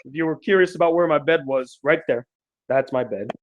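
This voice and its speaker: Profane, joking young man, high voice. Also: brisk, phone-quality sound, a little hiss or hum. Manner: profane, joking, self-deprecating. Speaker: vlog host reading fan mail. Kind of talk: casual rambling vlog. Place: home room.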